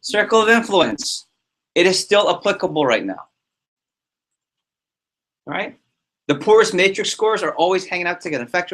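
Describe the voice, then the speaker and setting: A man leading a sales team meeting, giving an energetic motivational talk full of anecdotes and repetition. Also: a little high. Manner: energetic, repeats himself, tells anecdotes. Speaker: team leader running a sales prep meeting.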